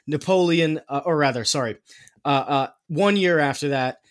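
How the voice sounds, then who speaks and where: A man's voice: on the high side, normal speed, no echo, clean studio sound. A man hosting a podcast, explaining history in casual chat, with many fillers and restarts.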